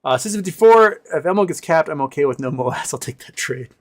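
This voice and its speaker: A man's voice: a little high, lively intonation, fairly quick. A man hosting a casual livestream, reading viewer comments and answering them in a sarcastic, rambling way with many fillers. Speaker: livestream host.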